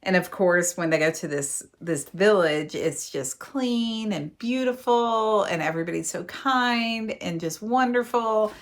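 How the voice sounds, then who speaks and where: A woman's voice: on the low side, lively intonation, a little slow, fairly bright tone. A woman recapping a romance novel as host of a book show, with wry, sarcastic asides and dramatic emphasis. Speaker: book reviewer and podcast host.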